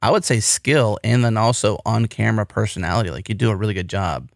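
A man's voice: on the low side, fast, vocal fry, dry recording, studio quality. A man with an American accent hosting a podcast, talking in an enthusiastic, rambling way. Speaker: podcast host. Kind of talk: casual podcast chat.

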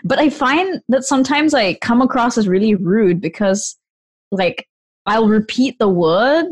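A woman's voice: fairly high pitch, animated, unhurried, slightly rough. A woman on a podcast panel, chatting casually and laughing often.

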